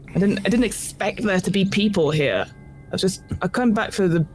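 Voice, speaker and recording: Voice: animated, normal speed, a little mellow, slight background noise, natural voice. The game master voicing a flustered male hunter with a British accent, stammering and apologetic. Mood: nervous. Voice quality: stammering, apologetic, higher than own voice.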